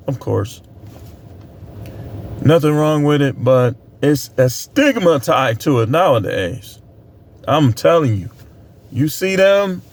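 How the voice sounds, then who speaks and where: A man's voice: fairly high pitch, slight background noise. Blunt, preachy middle-aged man. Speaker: vlogger. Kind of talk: casual monologue.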